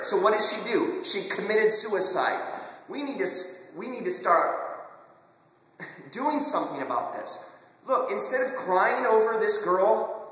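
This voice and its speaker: A video blogger with a high-pitched, slightly bright voice delivers a personal confessional monologue, earnest and passionate. He often repeats words as he restarts sentences, in a very echoey room with long reverb.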